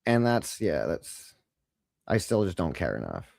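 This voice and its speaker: Casting: male podcast co-host, animated swoops in pitch, dry close sound, rambling and swearing. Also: unhurried, creaky, no room sound. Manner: rambling, profane, mocking. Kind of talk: casual chat.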